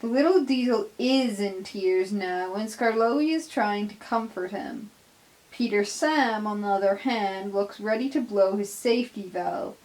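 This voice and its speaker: Brief: woman narrator, unhurried storybook reading, mid pitch. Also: darkish tone, rough recording. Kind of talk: fan fiction audio reading.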